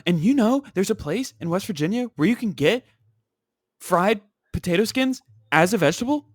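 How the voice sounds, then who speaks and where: A male podcast co-host who teases in a dry, wry way. His voice sits a little high and moves around a lot in pitch. The recording is close and dry. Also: expressive, normal speed, dry recording. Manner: dry, wry jokes and mock quotes. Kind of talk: casual chat.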